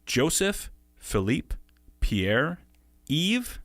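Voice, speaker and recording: An American man co-hosting a podcast, talking casually and quickly, laughing often. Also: fairly high pitch, big pitch swings, fairly bright tone, no room sound, clean studio sound. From United States. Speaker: podcast co-host.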